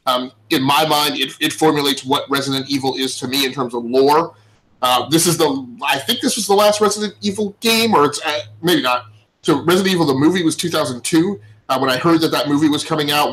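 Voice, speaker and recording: A man co-hosting a gaming podcast in casual chat, excited and full of stammering restarts. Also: mid-range voice, poor audio. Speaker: podcast co-host.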